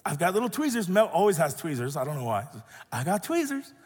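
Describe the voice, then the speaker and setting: A high, husky male voice preaching with wide swings in pitch, lively and expressive as he acts out each voice in his story. The sound carries a long reverb, as from a large church sanctuary. He sounds like a pastor in his thirties. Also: fast. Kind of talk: sermon with personal storytelling.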